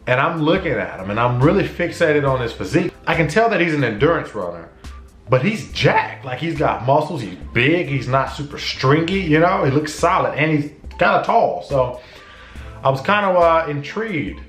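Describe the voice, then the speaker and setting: A man casually telling a personal story to camera, acting out his own shouts and conversations. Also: a little high, normal speed, echoey room, soft background music. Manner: animated, acts out his own shouts and dialogue. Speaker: vlogger.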